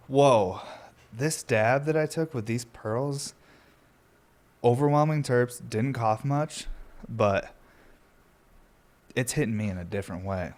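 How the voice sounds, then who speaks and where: A young male podcast host rambles in a laid-back, stoner-style chat, swearing plenty along the way. He has a mid-range voice with a darkish tone.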